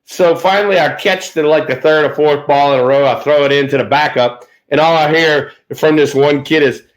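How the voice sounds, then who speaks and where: An older man in his sixties with a drawl, from Louisiana, co-hosting a casual sports show. He spins relaxed, swearing anecdotes from his playing days in a slightly raised voice. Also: a little high, moderate pace. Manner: laid-back, swearing anecdotes. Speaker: co-host, former baseball player. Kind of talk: casual sports chat, storytelling.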